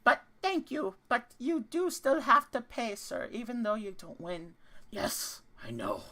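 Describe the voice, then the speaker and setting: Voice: mid-range voice, sharp tone, voice pushed up, exaggerated voice. A game master voicing a greedy male gnome who runs a betting game, with a theatrical carnival-barker delivery. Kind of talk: tabletop role-play voice.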